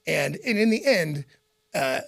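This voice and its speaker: A middle-aged man with a gravelly, raspy voice, a radio host telling rambling stories in a casual interview and laughing often. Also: a little high, unhurried. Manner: rambling, animated anecdotes with frequent laughs.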